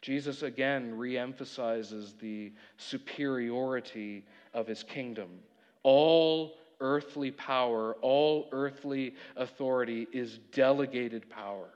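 A man preaching a sermon, retelling a story with animated delivery and acted-out quotes. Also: medium pitch, takes it slowly. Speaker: pastor. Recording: dull audio with long hall reverb.

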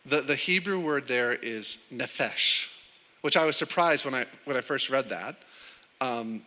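Unhurried and mid-range, with a pushed, bright quality, a male pastor delivers a conversational sermon, frequently doubling up words at the start of his sentences. The recording carries a long hall reverb.

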